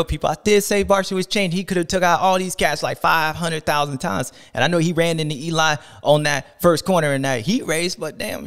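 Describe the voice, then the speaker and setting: Playful guy hosting a sports podcast, kinda high voice, stretches out and shouts words. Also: gravelly, smooth. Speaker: podcast host. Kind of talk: casual sports chat.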